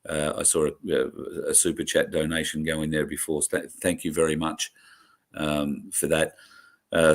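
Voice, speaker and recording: Very deep-voiced man, halting and heartfelt. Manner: halting, many fillers and restarts; sincere and emotional. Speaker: host. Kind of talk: heartfelt sign-off to viewers.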